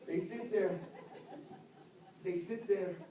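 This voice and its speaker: An older man preaching an impassioned sermon as an evangelist, swinging between loud outbursts and hushed low tones. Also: takes it slowly, crowd noise. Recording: echoey church, distant mic.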